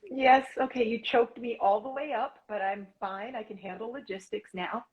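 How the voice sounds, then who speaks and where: A woman guest on a casual live-stream chat, playful with quick asides, over a video call. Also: on the high side, dull audio. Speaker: guest performer.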